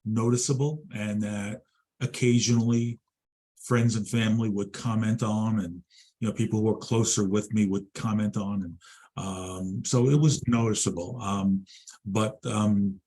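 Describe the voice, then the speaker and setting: Middle-aged New man, lowish husky voice, measured and pausing, interview guest. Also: steady tone, warm tone. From Long Island, New York. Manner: measured, with frequent ums and pauses. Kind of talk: interview conversation.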